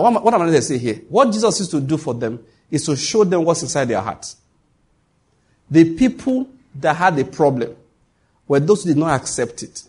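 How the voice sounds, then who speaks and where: A man delivers a sermon in a husky, slightly high voice. He tells stories with humor and acts out the back-and-forth between characters. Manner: animated, humorous storytelling with acted-out dialogue. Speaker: preacher.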